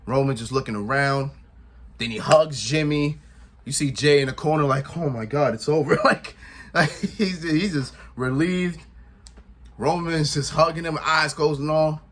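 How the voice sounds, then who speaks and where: A man with a fairly bright, higher-leaning voice recaps a wrestling show in casual commentary at an unhurried pace. He retells events with animation, acts out what people said, and laughs often.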